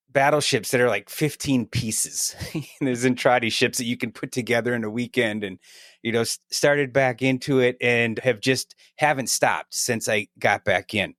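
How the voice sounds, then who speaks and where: A middle-aged man talking as a guest in a casual podcast conversation, energetic and chatty, often tagging his points with "right?". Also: medium pitch, no echo, clean studio sound.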